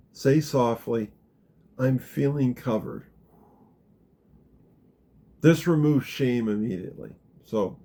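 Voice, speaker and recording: A man leading a gentle guided meditation talk, calm and unhurried, dropping very soft in the guided parts. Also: medium pitch. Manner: slow, gentle, drops to a near whisper in the guided parts. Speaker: spiritual teacher guiding a practice.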